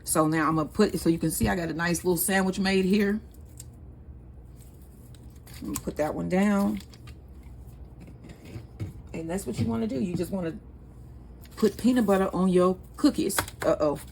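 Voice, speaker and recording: Chatty low-voiced woman cooking. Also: moderate pace, creaky, long pauses, a little mellow, slight background noise. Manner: chatty, rambling, laughs easily. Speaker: cooking channel host. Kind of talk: casual cooking vlog chat.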